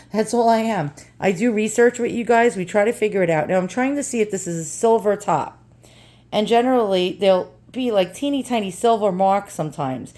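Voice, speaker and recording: A woman's voice: mid-range voice, normal speed, a little mellow. A woman with a strong New York accent talks her viewers through an unboxing in a loose, chatty way. She is blunt and jokey, with the odd swear word tossed in. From New York, USA. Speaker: vlogger. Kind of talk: casual unboxing chat.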